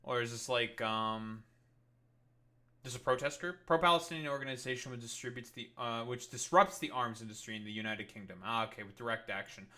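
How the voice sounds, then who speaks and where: A man's voice: mid-range voice, fairly quick, sharp tone. A young man giving rambling, profane, sarcastic reaction commentary as a streamer.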